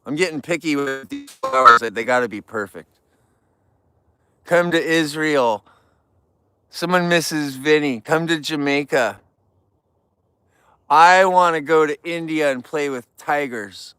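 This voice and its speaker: Man, casual livestream host, joking with viewers, smooth clear voice. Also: on the high side, unhurried, pauses often, bright, forceful tone, dry recording. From California. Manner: chatty, jokey, greets viewers. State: tired.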